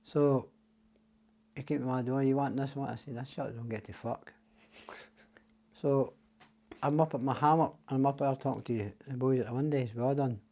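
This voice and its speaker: A man's voice: medium pitch, steady tone, normal speed, pauses often, dark tone. An older Scottish man, a podcast guest, telling stories in casual chat. He swears freely and acts out the voices of the people he quotes. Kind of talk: casual storytelling.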